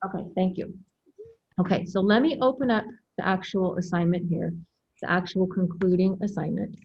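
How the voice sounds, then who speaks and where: A woman's voice: medium pitch, moderate pace, darkish tone, highs cut off. A woman college writing instructor giving an online class lecture over a video call, talking conversationally and often checking in with "okay?".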